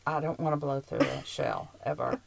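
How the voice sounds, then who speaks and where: A woman's voice: low voice, wildly swooping pitch, normal speed, vocal fry, no echo, low-quality recording. A woman co-hosting a podcast in casual chat, blunt and dry-witted with her opinions. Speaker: podcast co-host.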